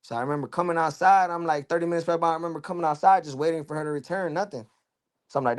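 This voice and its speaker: Speaking quickly with a fairly high pitch, a young adult man shares his story on a podcast. He's loose and candid, constantly saying "you know" and "bro" in this casual interview.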